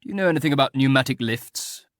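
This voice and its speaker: A man's voice: mid-range voice, lively intonation, fast talker, no room sound, clean studio sound, natural voice. A man reading an audiobook voices an idle, teasingly ironic aristocratic marquis who talks in a mock-mournful drawl.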